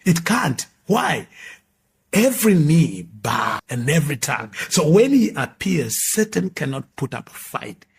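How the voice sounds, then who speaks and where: Husky Ugandan man preaching his testimony. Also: a little high, big pitch swings, unhurried. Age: around 50. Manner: earnest and dramatic, swinging from loud declarations to hushed, soft storytelling. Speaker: apostle giving his testimony.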